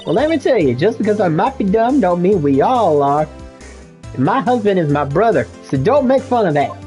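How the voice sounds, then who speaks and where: A woman's voice: medium pitch, big pitch swings, moderate pace, mellow, soft background music, natural voice. A woman putting on a brassy Southern drawl. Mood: sassy. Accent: put-on Southern US drawl. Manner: folksy, bossy, exaggerated drawl. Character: brash Southern woman photographer, loud and nosy.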